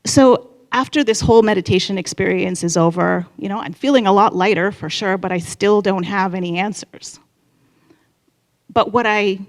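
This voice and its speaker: With a medium-pitched voice, a woman in her fifties tells an open, personal story before a live audience. Her delivery is chatty, and she voices her own inner thoughts aloud.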